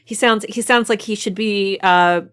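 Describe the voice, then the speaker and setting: A woman's voice: medium pitch, fairly even intonation, moderate pace, fairly bright tone, clear, resonant tone. Giggly American woman podcaster. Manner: giggly, enthusiastic, teasing. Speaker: podcast co-host. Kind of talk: casual chat.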